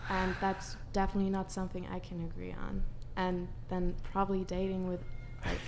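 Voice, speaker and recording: A woman's voice: on the low side, completely flat delivery, brisk, gravelly, background noise. A woman on a dating talk panel, stating her opinion bluntly and casually, sometimes swearing. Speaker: panel guest.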